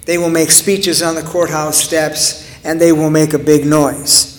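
A man preaching a sermon in an earnest way, with rhetorical questions and dramatic pauses. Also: fairly high pitch, little pitch movement, in a large hall. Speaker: pastor.

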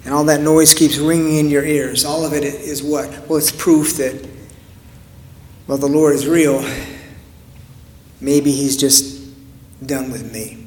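A man preaching a sermon in an earnest way, with rhetorical questions and dramatic pauses. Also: a little high, steady tone, darkish tone, in a large hall. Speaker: pastor.

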